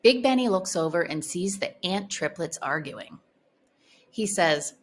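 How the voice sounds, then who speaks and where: A woman reads a children's storybook aloud, clear and expressive. Her pitch moves in lively swings and she takes an unhurried, slow pace. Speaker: storybook reader.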